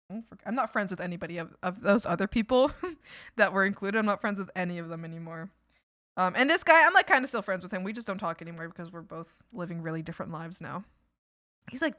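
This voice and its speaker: A woman's voice: mid-range voice, sharp tone, dry recording, clean studio sound. A young woman streamer chatting casually, ranting and sarcastic, laughing often, on a desk mic.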